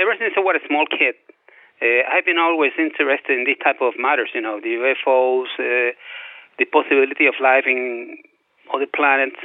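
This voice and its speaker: A man's voice: mid-range voice, no room sound. A man in his sixties from Puerto Rico, a journalist guest on a radio interview, speaking hesitantly with many filler sounds and restarts. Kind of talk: phone-in interview. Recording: tinny dry phone line.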